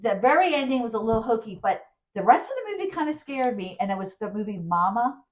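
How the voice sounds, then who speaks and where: A woman co-hosting a casual podcast chat, telling animated stories with frequent laughs. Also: on the high side, quick pace. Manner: animated storyteller, laughs often. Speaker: podcast co-host. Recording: dull lo-fi sound.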